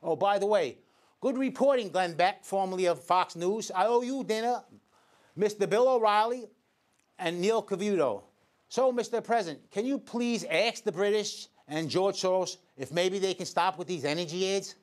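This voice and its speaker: New guy, pretty high voice, indignant and sarcastic, calling people out in his own commentary show. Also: moderate pace. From Staten Island, New York. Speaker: host, electrician. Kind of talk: scripted editorial commentary.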